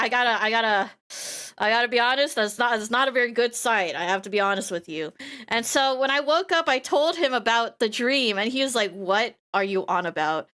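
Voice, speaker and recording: A woman streaming casually, her voice high and bright. She rambles through animated stories, laughing often and circling back to the same phrases. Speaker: VTuber streamer.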